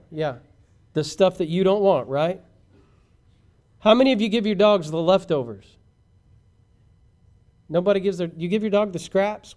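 A man's voice: high voice, darkish tone. A male pastor preaching a sermon, talking straight to his congregation and building to impassioned peaks. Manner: preaching, rising to impassioned crescendos; asks the congregation questions directly.

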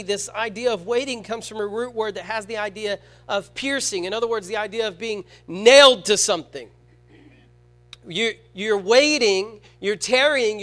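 Male preacher, high voice; sermon delivery that jumps between loud stressed words and soft, slow scripture reading, with frequent rhetorical questions. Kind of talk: sermon to a congregation.

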